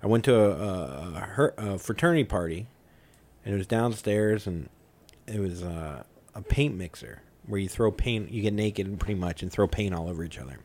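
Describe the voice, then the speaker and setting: 40s guy, kinda low voice, swearing a lot, rambling story on a podcast. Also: expressive, moderate pace, a little mellow. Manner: loose, profane, rambling storytelling. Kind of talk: casual podcast chat.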